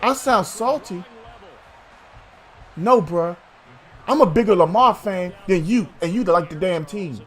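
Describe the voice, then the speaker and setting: A man's voice: high voice, animated, a little slow, pauses often, fairly bright tone. A man hosting a sports talk show, arguing heatedly with a co-host, swearing and calling him bruh.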